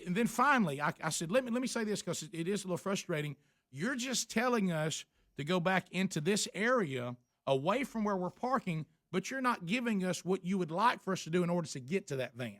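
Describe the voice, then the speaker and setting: A man's voice: sits high, big pitch swings, fairly quick, fairly bright tone, no echo, studio quality. A man, a radio show host, telling a story in casual talk and acting out both sides of a quarrel with many restarts.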